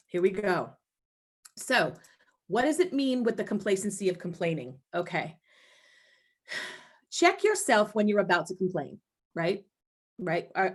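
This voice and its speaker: Emphatic woman webinar presenter, mid-pitched, lively delivery over a video call. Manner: emphatic, animated, acts out voices. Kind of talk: energetic webinar talk.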